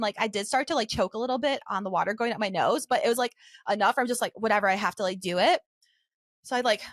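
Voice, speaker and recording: A woman's voice: a little high, a bit bright, no echo, clean studio sound. A young woman podcast co-host telling a story in a casual way, full of "like" fillers, acting out her own panicked quotes.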